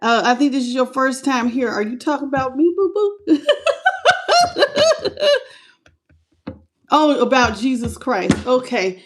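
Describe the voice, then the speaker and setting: A woman's voice: on the high side, normal speed, hardly any pauses. A middle-aged woman hosting a casual live tarot stream from her phone at home, chatty and affectionate, greeting viewers by name with pet names. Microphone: phone on a stand.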